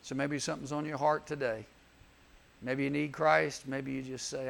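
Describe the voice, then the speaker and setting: A man preaching gently and earnestly at a camp chapel, leading a prayer and an invitation. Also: medium pitch, little pitch movement, normal speed, vocal fry. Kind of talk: sermon with altar call prayer.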